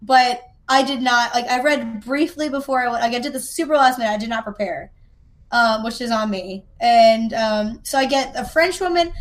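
A woman from the American South, hosting a podcast and telling a chatty, self-deprecating story. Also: fairly high pitch. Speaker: podcast host. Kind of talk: casual chat.

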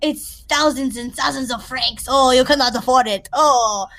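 A woman voicing an elderly French lady with a clumsy, halting put-on French accent. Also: sits high, a bit bright. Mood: grand. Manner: hammy, halting.

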